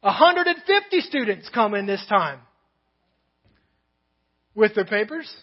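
A man preaching a sermon in church, telling a story and dropping soft and low on the words he wants to land. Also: very animated, measured pace, slightly rough, highs cut off. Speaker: pastor. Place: church sanctuary.

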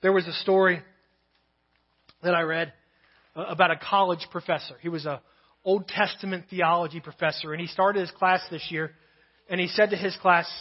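A man with a strikingly high, husky voice preaches a sermon in church. He tells stories and lets his voice fall soft and low on the words he stresses. The recording is dull and lo-fi. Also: steady tone, moderate pace, long pauses. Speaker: pastor. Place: church sanctuary.

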